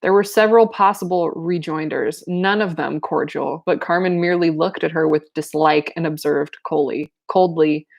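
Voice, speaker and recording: A woman's voice: low-pitched, normal speed, gravelly, few pauses. A young woman reading a book aloud and breaking off into casual, laughing commentary and exclamations. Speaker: reader and commentator.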